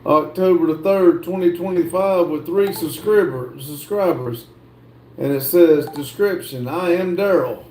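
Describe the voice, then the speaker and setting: A man hosting a livestream, reading viewer comments aloud and answering them in a slow, drawling way. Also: a little high, mellow, a little hiss or hum. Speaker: livestream host reading chat. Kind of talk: casual chat. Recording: echoey room.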